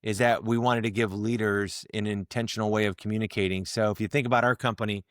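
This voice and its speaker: A man guest on a podcast, talking in a casual interview, animated and full of restarts and repeated words as he acts out tones to make his point. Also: lowish voice, fast, dry recording, studio quality. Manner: animated, explains through examples and acted-out tones. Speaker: guest, leadership communication coach.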